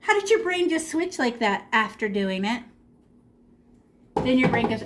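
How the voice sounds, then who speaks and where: A bright-voiced woman leads a children's painting class over a video call from her room at home. She sits high in her register and keeps up a lively, encouraging patter meant for young kids. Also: measured pace, background noise. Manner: animated, encouraging, talks to kids. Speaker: art teacher. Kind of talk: online art class for children.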